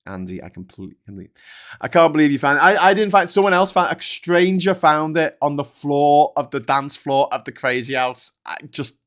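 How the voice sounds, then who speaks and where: A man's voice: fairly high pitch, animated, normal speed, fairly bright tone. A man hosting a live stream, chatting casually, joking, swearing freely and reading out viewer comments. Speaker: livestream host.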